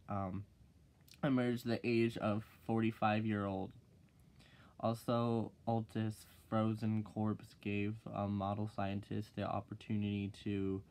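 Rambling teen boy vlogger. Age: teenager. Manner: rambling, swears, full of "like" and "freaking"; swings into loud high exclaims when mocking. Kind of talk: casual vlog chat.

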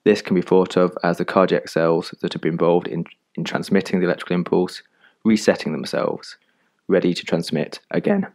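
A man narrating an animated medical lesson in a calm, measured, scripted voice-over, recorded close on a studio mic. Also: deep voice. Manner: calm, measured explanatory delivery.

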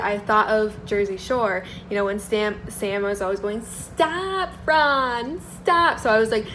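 A woman's voice: on the high side, poor audio. A woman in her twenties talking casually in a daily vlog, chatty and rambling, laughing often. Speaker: vlogger. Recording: faint background noise.

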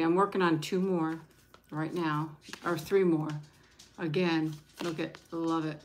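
A woman hosting a casual live stream, chatting warmly and gushing, thanking viewers one by one. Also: low-pitched, little pitch movement, measured pace, slight background noise. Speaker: livestream host showing handmade junk journals.

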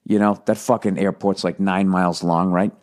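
A middle-aged man from the United States talks through a loose, profanity-laced story, drifting from one tangent to the next. His voice sits fairly low, and he drops into quick mock voices as he goes. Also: steady tone, darkish tone. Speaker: podcast host. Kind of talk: casual solo monologue.

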